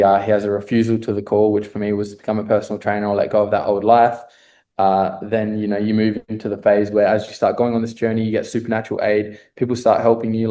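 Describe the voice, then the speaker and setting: Low, flat-voiced man telling his story. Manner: reflective and earnest, many fillers. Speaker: guest, fitness coach. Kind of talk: podcast interview storytelling.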